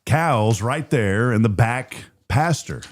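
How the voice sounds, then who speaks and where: A man's voice: mid-range voice, expressive, takes it slowly. A middle-aged man hosting a morning radio show, chatting casually, joking and laughing often.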